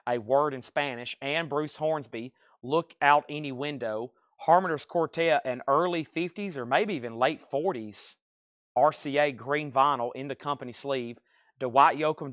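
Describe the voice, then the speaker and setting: A man with a smooth, clear voice hosts a live vinyl sale, reading out titles and prices in quick, upbeat patter. He speaks with his own accent, and the close mic keeps the sound dry. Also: mid-range voice, fairly bright tone, dry recording. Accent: regional accent he mentions himself. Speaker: live-stream vinyl record seller. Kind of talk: live sales stream, reading out items and buyers.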